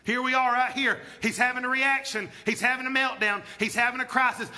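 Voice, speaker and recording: A pastor in full preaching mode, his voice sitting very high and ringing bright. He calls out to the congregation for responses and climbs toward shouts as he preaches. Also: fairly even intonation, brisk, few pauses. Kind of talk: sermon. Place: church sanctuary.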